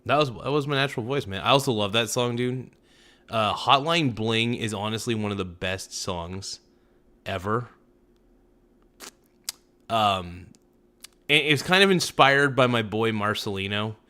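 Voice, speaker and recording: Loose, rambling livestream host. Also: male voice, on the low side, a little slow, long pauses, bright, forceful tone. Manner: rambling, chuckling, loose and jokey. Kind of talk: casual livestream chat.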